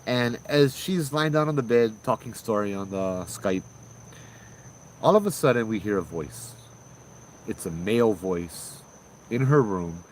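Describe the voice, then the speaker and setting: A man, hosting and telling a ghost story in a loose, conversational way, with fillers and sudden loud bursts. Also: fairly low pitch, expressive, unhurried, slight background noise, low-quality recording. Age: 30s. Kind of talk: casual spoken ghost story.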